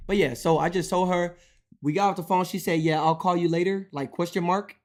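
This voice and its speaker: A young man streaming, talking casually in an animated, profane way, often repeating himself. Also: high voice, a little fast.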